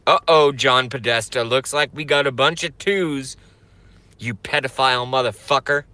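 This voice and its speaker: A middle-aged man ranting angrily on his live stream, swearing, breaking off to apologize, his voice going hoarse from a day of talking. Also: medium pitch, normal speed, pushed and bright, no room sound. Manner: angry, profane ranting with sudden outbursts and apologies.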